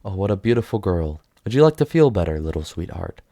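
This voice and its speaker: A man's voice: sits low, sing-song, fast talker, dark tone, no echo, studio quality. A man reading the part of a doting, motherly woman who speaks in a cooing, sweetly reassuring way.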